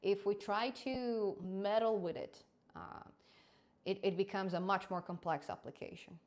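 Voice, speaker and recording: A woman's voice: mid-range voice, unhurried, darkish tone. A woman hosting a programming tutorial, explaining code step by step with frequent fillers and a questioning "okay?". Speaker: coding tutorial host. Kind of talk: screen-recorded programming lesson.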